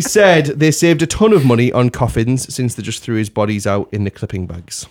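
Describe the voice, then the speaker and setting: A man's voice: mid-range voice, a little slow. A man hosting a casual podcast, reading out listener messages and laughing often. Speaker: podcast host.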